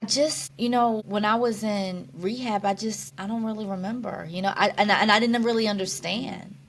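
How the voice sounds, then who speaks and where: A woman with a medium-pitched voice and fairly even intonation talks at a moderate pace as a guest on a podcast. Earnest and reflective in this conversational interview, she often restarts her sentences and says "you know" a lot.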